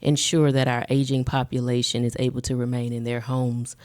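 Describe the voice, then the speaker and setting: A woman co-hosting a podcast, chatting casually, animated and quick to affirm and laugh. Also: rumbling low. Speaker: podcast co-host. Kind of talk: casual chat.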